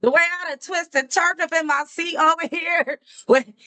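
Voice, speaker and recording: A woman hosting a music reaction, commenting in an excitable, exclamatory way and talking straight to her viewers. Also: very high voice, a little slow.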